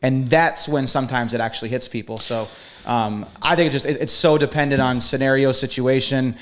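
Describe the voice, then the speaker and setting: A man's voice: mid-range voice, steady tone, fairly quick, fairly bright tone. Reflective man chatting on a podcast. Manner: reflective, lots of filler "like". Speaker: podcast co-host. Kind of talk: casual chat.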